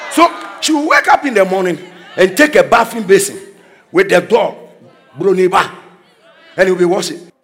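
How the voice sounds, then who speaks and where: High, lively preacher man. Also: moderate pace, gravelly, long pauses, a faint crowd. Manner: exclaiming declarations, swinging between soft asides and shouts. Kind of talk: energetic sermon with storytelling.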